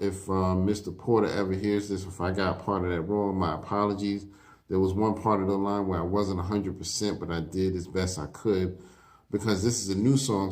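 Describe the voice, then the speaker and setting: Laid-back man host, very low voice, casual lyric breakdown. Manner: laid-back, repeats "you know what I mean"; reads lyric lines aloud slowly. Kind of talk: casual commentary.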